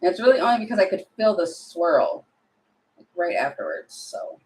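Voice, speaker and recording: A woman's voice: on the low side, sing-song, moderate pace, a little mellow, poor audio. A woman giving tarot readings on a live stream, chatty and apologetic, thinking aloud as she goes. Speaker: tarot reader.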